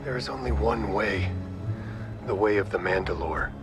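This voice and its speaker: An actor playing a devout masked male bounty hunter, speaking in a terse, flat, solemn way. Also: on the low side, moderate pace, over loud music, close to an everyday voice.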